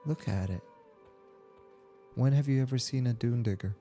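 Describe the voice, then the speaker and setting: A man chatting casually while playing a game, relaxed and rambling with many fillers. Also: medium pitch, normal speed, faint music behind. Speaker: game streamer. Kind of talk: casual gameplay chat.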